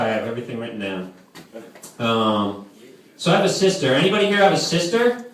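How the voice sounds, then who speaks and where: A man's voice: mid-range voice, very animated, fairly quick. A man in his twenties doing live stand-up comedy for a camp crowd, rambling with lots of "like" fillers. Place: camp hall with live audience. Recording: echoey distant room with noise.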